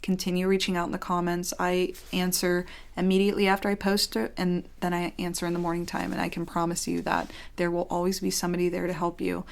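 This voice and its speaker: A young woman hosting her channel, reading fan mail aloud in a casual, affectionate way and now and then dropping into soft whispers. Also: lowish voice, completely flat delivery, quick pace, gravelly, few pauses. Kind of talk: casual vlog chat, reading letters aloud.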